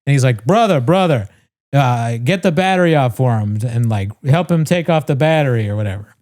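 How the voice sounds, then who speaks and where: A man's voice: medium pitch, expressive, a little fast, darkish tone. A man co-hosting a podcast, casually telling a long story, swearing freely and mimicking the people in it. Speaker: podcast co-host.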